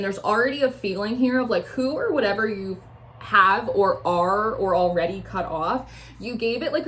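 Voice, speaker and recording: Young woman, tarot reader; loose, filler-heavy rambling with acted-out quotes. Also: mid-range voice. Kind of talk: casual intuitive tarot reading.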